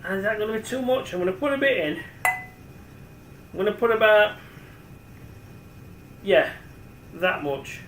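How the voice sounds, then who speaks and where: A man's voice: high voice, lively intonation, normal speed, long pauses, a bit bright, echoey room, slight background noise, low-quality recording. A man, rambling chattily as he demonstrates cooking at home and talks to the camera. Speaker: home cook. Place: home kitchen.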